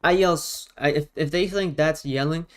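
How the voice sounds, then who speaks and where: A man talking casually on a live stream while gaming, in a loud, projecting voice, often repeating himself for emphasis. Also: fairly high pitch, moderate pace, poor audio.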